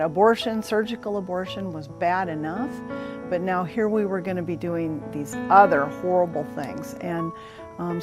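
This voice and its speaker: Earnest middle-aged woman telling her story. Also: lowish voice. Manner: earnest, reflective, with frequent ums and restarts. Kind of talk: conversational personal testimony.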